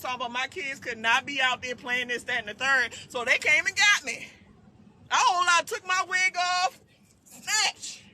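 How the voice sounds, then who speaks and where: A woman vlogger telling a story casually, loud and profane, often breaking into laughter. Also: extremely high pitch, a little hiss or hum. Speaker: trucking vlogger.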